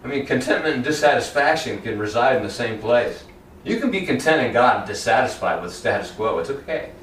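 A man preaching a sermon in a church, lively and conversational, often acting out Bible characters in casual everyday voices. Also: mid-range voice, brisk, a little hiss or hum. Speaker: pastor. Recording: roomy echo, heard from a distance.

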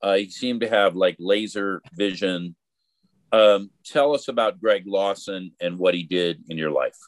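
Deep-voiced male podcast host. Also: no echo. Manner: halting, with fillers while setting up a question. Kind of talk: interview questions.

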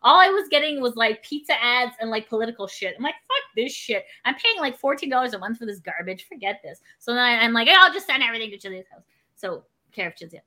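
Woman, casual chat, high voice, swears, acts out conversations. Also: quick pace. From Canada. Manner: animated, swearing, acts out quotes. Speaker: performer and streamer.

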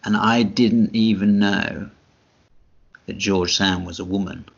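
Low gravelly man, hesitant and dry. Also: steady tone, slow. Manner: hesitant, dry self-mocking, many fillers. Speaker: podcast co-host. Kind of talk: casual chat. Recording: dull lo-fi sound.

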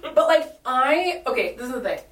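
A woman's voice: high-pitched, sing-song, normal speed, distant mic, noisy background. Chatty Valley girl woman, roomy sound. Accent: Californian Valley girl. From California. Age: 30s. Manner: chatty, laughing, lots of "like". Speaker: podcast co-host. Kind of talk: casual chat.

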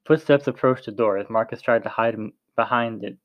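A man's voice: medium pitch, a little fast, no echo, muffled recording. A man reading a story aloud in a plain way, with frequent slips and restarts. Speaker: narrator.

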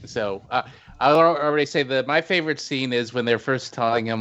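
A man co-hosting a casual movie podcast, animated and laughing as he retells scenes. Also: medium pitch, fairly quick, clean tone, highs cut off. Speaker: podcast co-host.

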